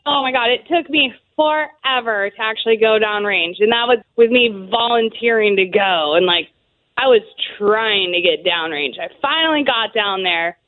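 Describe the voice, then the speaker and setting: A woman's voice: a little high, moderate pace. A woman guest telling service stories in a casual, laughing way, full of "like" and "um". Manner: chatty, laughs often, fillers like "like" and "um". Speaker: guest, Army veteran. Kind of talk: casual interview storytelling. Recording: tinny phone-like line.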